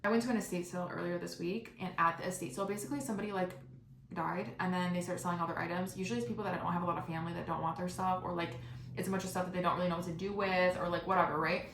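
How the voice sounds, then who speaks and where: A young woman hosting a podcast, telling a comic story in a rapid, animated, casual way, swearing often and acting out what others said. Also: lowish voice, roomy sound, noisy background. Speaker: podcast host.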